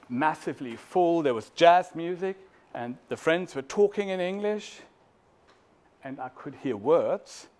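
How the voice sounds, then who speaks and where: A man in his fifties from Germany with a German accent, telling stories in a playful talk to an audience. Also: on the high side. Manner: playful, warm storyteller, sings snippets. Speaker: speaker at a talk. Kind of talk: storytelling talk.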